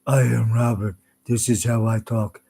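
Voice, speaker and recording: A man's voice: medium pitch, level tone, measured pace, vocal fry, dark tone, husky. A man mimicking a smug, pompous rich guy.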